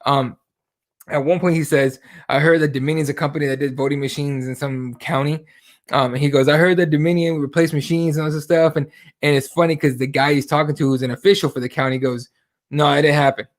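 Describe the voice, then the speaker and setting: A man co-hosting a casual show, ranting with heat and plenty of swearing, slipping into impressions of the people he quotes. His voice sits a little higher than most men's. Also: steady tone, fairly quick. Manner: heated and profane, mimics voices while retelling. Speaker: podcast co-host. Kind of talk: casual chat about current events.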